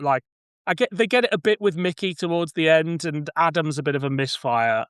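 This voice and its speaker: A man, a podcast guest, chatting in a thoughtful, measured way. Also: fairly high pitch, a bit bright, clean tone, dry recording, studio quality. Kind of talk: casual podcast chat.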